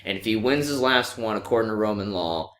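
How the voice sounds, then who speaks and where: Man, casual movie review chat, animated, bright voice, echoey room. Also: on the low side, brisk. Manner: animated, mocking impressions, swears freely. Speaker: podcast co-host.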